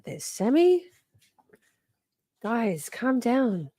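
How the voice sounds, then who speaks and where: A woman's voice: a little high, very animated, drawn-out words, warm tone, no echo. Chatty woman hosting a livestream. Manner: chatty, profane, greets viewers by name. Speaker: livestream host. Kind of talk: casual livestream chat. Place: home, with dogs nearby.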